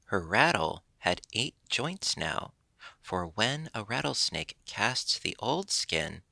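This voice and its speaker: A man narrating a children's animal story in a measured, gently storytelling way. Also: on the low side, creaky, dry recording. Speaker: audiobook narrator. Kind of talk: storybook reading.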